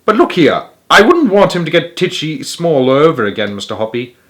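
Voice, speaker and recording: A man reading aloud and voicing a kindly, excitable middle-aged woman, raising his voice high for her. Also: moderate pace. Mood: pleading. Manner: raised, shrill when excited.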